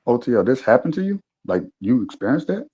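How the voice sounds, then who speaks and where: A man's voice: medium pitch, big pitch swings, quick pace, crowd noise. A man hosting a casual discussion who asks hesitant follow-up questions and searches for his words. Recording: muffled lo-fi audio.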